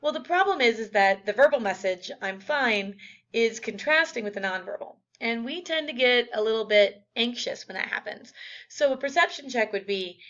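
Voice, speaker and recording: A woman's voice: on the high side, animated, normal speed, a bit bright. A woman teacher giving a casual recorded lecture, with lots of fillers. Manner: casual, chatty, many fillers. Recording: dull lo-fi audio.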